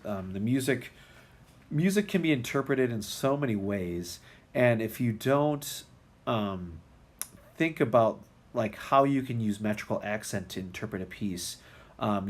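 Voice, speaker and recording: A man's voice: on the low side, darkish tone. A man teaching music theory in a recorded lecture, talking casually with many ums and restarts.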